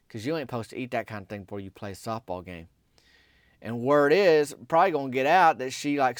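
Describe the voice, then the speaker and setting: A man's voice: mid-range voice, clean tone, dry recording, clean studio sound. Rambling folksy young man. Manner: rambling, folksy, drawling storytelling. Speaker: comic character monologuist. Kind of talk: comedic character monologue.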